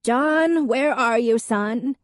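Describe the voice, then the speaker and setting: Lady doing a grand dramatic old grandma, higher pitched, storybook. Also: takes it slowly, no echo, studio quality. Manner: grand, theatrical. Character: elderly grand family matriarch, dramatic.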